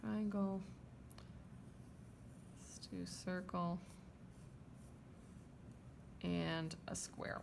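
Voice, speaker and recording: A woman's voice: on the low side, fairly even intonation, takes it slowly, vocal fry, long pauses, a bit bright, a little hiss or hum. A woman art teacher talking through a drawing demonstration, chatty and checking in with her students as she draws. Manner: chatty, checks in with "okay?" and "right?".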